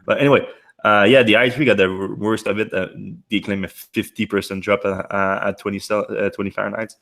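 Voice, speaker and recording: A man hosting a casual podcast chat, slightly hoarse from being a little sick and talking in halting bursts with many restarts. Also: lowish voice, steady tone, fairly bright tone. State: losing his voice, a little sick. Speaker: podcast host.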